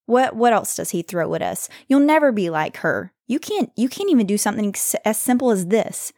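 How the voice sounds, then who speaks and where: A woman hosting a faith podcast, speaking earnestly and reassuringly, slowing down to stress scripture. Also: mid-range voice, sing-song, darkish tone, dry recording, clean studio sound. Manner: earnest, reassuring, reads scripture slowly with emphasis. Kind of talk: devotional encouragement talk.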